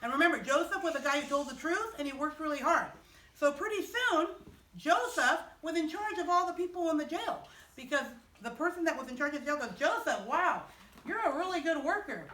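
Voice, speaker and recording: A woman chapel teacher telling a Bible story to children, animated and asking them questions along the way. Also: sits high, a little fast. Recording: echoey room from far off.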